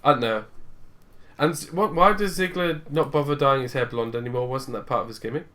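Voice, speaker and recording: A man's voice: medium pitch, brisk, sharp tone. A man co-hosting a podcast in a rambling, casual chat, tired with a dry, sore throat. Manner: chatty, rambling, self-interrupting. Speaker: podcast co-host.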